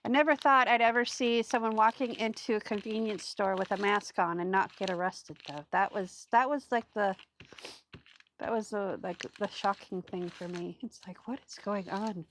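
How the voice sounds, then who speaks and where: Speaking at a moderate pace in a medium-pitched voice, a craft video host chats loosely with her live audience as she works. She is rambling and sociable, greeting viewers along the way, and there is slight background noise.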